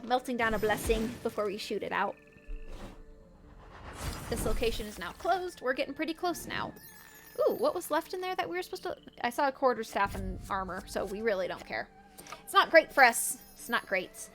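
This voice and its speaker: Woman streamer, somewhat high voice, giggly casual game commentary, faint music underneath. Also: fairly bright tone. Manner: playful, giggly, narrates characters' antics.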